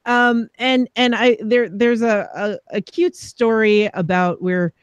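A woman's voice: fairly high pitch, steady tone, slow pace, clear, resonant tone, no room sound. A woman with a New York accent co-hosting a podcast, chatting casually and laughing easily. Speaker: podcast co-host. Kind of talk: casual chat.

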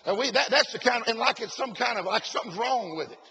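A man preaching a sermon at a conference, breaking into shouted lines and "bless God" asides. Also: high voice, fast talker, few pauses, husky. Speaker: pastor. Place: conference hall.

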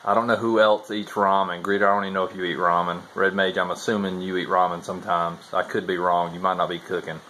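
Man, low voice, relaxed chatty vlog, outdoors, faint background hiss. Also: fast talker, few pauses, low-quality recording. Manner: laid-back Southern-style talk with "y'all". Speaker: thru-hiker vlogger. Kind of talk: casual vlog chat. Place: outdoors at a forest trail shelter.

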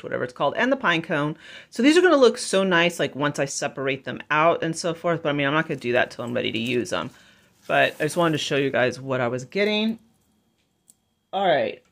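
A woman vlogger chatting casually and gushing as she shows off her shopping haul. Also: low voice. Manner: bubbly, chatty, gushing over finds. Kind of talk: casual haul vlog chat.

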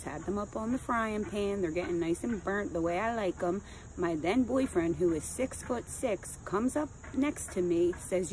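A woman telling a crude, comic personal story in an animated, casual way into a phone. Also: fairly low pitch, a little hiss or hum, rough recording.

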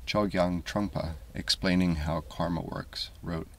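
A man narrating a scripted video essay voice-over in a calm, measured, deliberate way. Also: low-pitched, recorded from a distance.

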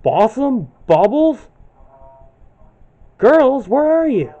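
A man voicing a tough young cartoon superhero girl in a high, strained falsetto as he calls out for her sisters. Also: sing-song, extremely slow, dark tone, dull audio, full character voice. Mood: calling out.

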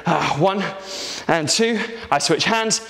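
A man's voice: a little high, slow, creaky, a bit bright. A man coaching a kettlebell workout, counting reps and cheering people on with lots of energy. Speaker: fitness instructor. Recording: roomy with long reverb.

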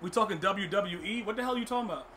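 Ranting as he commentates his football video game match live, a young streamer stumbles over his words and keeps restarting out of frustration. His voice sits high and races, sounding bright and forceful. Clear background noise runs through the low-quality recording.

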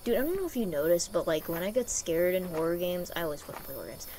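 A young woman with a slightly low voice plays a horror game on stream, cursing and rambling between sharp gasps. Faint crickets and outdoor ambience hum behind her. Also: animated, fast. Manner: swearing, gasping often, rambling asides. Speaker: gaming streamer. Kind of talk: horror game playthrough commentary.

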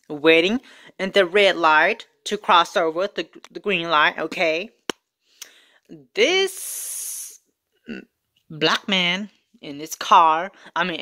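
Sassy, bright-voiced woman vlogger. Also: lowish voice. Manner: sassy, repetitive, chatty. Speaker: couponing vlogger. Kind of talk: rambling storytime vlog.

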